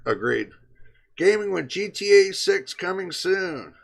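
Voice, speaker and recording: A man's voice: sits high, very animated, unhurried, gravelly. A man hosting a tech live stream, talking straight to his chat in an emphatic, repetitive way. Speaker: livestream host. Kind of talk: casual livestream chat.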